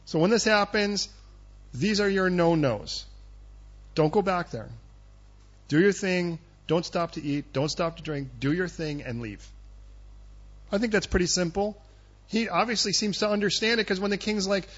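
A man's voice: high-pitched, moderate pace, dull audio. A male pastor preaching a sermon in a conversational, punchy way, quizzing his listeners.

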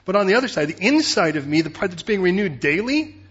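A man preaching a sermon in a conversational, animated way, acting out the voices of biblical figures as he goes. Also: high-pitched, fast talker, breathy edge. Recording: dull lo-fi recording.

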